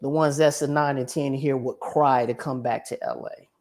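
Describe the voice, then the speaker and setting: A woman's voice: extremely low pitch, fairly even intonation, moderate pace, darkish tone. A woman co-hosting a casual podcast chat, talking bluntly and emphatically with punchy warnings. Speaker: podcast co-host.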